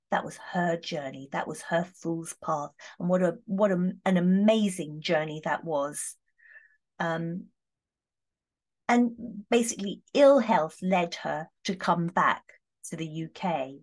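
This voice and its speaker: A woman chatting warmly through a tarot reading, heartfelt, with many fillers and restarts. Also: mid-range voice. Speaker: tarot reader. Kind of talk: casual tarot reading talk.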